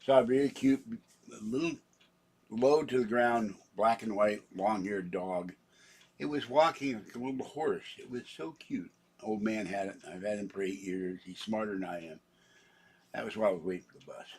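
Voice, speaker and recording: A man's voice: on the low side, moderate pace, slightly rough. A man vlogging in a rambling, casual chat, grumbling and chuckling to himself.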